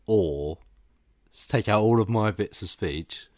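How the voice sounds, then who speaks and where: A man's voice: fairly low pitch, measured pace, darkish tone, no echo. A man co-hosting a podcast with a stuffy nose and head cold, chatting casually with dry, self-mocking banter. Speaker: podcast co-host. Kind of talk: casual chat.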